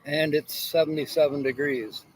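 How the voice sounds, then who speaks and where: Casual male livestream host, slightly high voice, rambling morning chat, talks with his mouth full. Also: fairly even intonation, normal speed, slight background noise, low-quality recording. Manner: rambling, greets viewers by name, pirate greeting; talks while eating.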